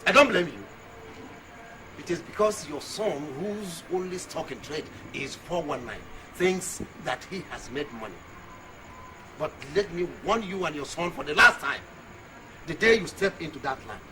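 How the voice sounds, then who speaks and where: A high, animated voice from a man playing a threatening village man who shouts menace over a land dispute. The film soundtrack carries heavy background noise. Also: moderate pace, lightly acted. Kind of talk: Nollywood film acting.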